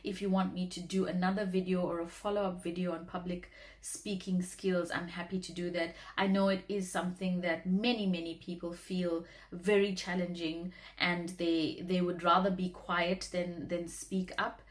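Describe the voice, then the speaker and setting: Woman, slightly low voice, motivational vlog, earnest and encouraging, emphatic repeats. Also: level tone, normal speed, hardly any pauses. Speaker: vlogger and former radio talk show host.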